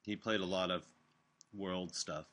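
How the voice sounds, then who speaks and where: A man hosting a casual chat, telling rambling, animated stories full of cursing. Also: low-pitched, a little slow. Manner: rambling, animated storytelling with profanity. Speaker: host. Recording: recorded live on an online stream.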